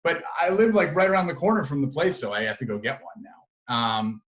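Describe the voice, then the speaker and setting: A young man, a sports reporter, chatting as an interview guest, animated and full of fillers and restarts. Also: fairly high pitch, fairly quick, rough recording. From Massachusetts. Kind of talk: casual interview chat.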